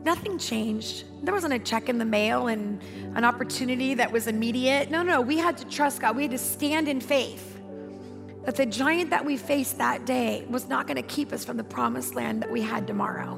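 A woman pastor preaches a sermon, telling a personal story emphatically and conversationally with repeated phrases. Her fairly high voice has vocal fry at normal speed, with long hall reverb and music behind her.

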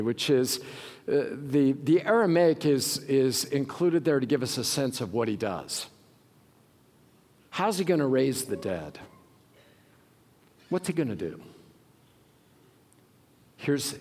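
A male pastor preaching a sermon in a conversational way, acting out quoted voices and dropping to a hushed near-whisper for emphasis. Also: mid-range voice, very animated, takes it slowly, pauses often. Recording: hall reverb.

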